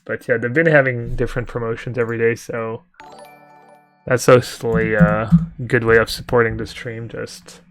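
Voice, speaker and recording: A man's voice: mid-range voice, no room sound. A man streaming a card game live, chatting casually, thinking aloud and answering chat with fillers. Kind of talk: live-stream commentary while playing.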